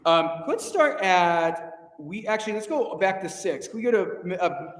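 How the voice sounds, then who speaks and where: A man directing a choir rehearsal, energetic and encouraging, counting the singers in and singing lines to them. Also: sits high, measured pace. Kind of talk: rehearsal coaching. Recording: echoey hall, faint noise.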